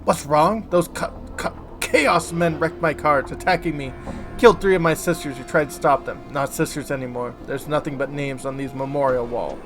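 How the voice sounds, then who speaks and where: A man's voice: on the high side, moderate pace, a bit bright, soft background music, lightly acted. A man reading the lines of a bitter, scarred woman in a game, with broken grammar and a blunt, angry manner.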